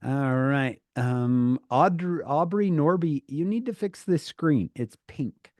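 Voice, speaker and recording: On a video call with a youth group he's hosting, a man greets everyone in a playful, teasing manner during casual chat. His voice is on the high side, slow, and darkish, with no room sound.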